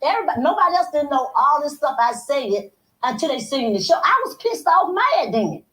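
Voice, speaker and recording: A woman's voice: high-pitched, very animated, fairly quick, sharp tone, roomy sound, low-quality recording. A woman heatedly retelling an argument, acting out both sides in quoted lines. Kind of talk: animated storytelling on a livestream.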